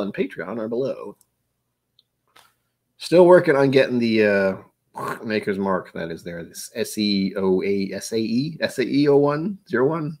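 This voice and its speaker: A young man with a low, slightly husky voice, chatting loosely through a whiskey tasting on his stream. His pitch swings widely as he reacts, rambling, making playful noises and drifting into humming. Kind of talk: casual live-stream tasting chat.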